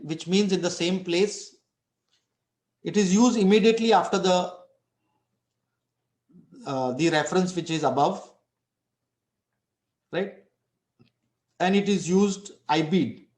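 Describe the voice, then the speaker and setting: A slightly high, somewhat mellow male voice rings with reverb during this online lecture. He lays out his points step by step, frequently restarting and asking "right?"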